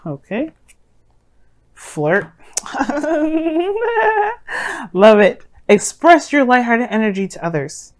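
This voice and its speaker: A woman giving a casual tarot reading to her viewers, rambling and sassy with lots of fillers, her voice a little hoarse and croaky. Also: medium pitch, very animated, unhurried. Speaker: tarot reader.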